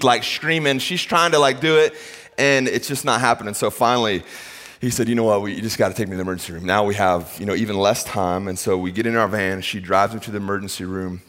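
A man in his thirties, a pastor, telling a funny personal story in a sermon and acting out the people in it. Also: medium pitch. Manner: animated, self-mocking storyteller who acts out quotes. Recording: long hall reverb.

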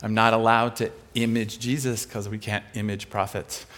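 A man acting out a big young student who speaks low and hesitantly. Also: little pitch movement, normal speed, fairly bright tone, close to an everyday voice. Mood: subdued. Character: big young male student, subdued and quiet.

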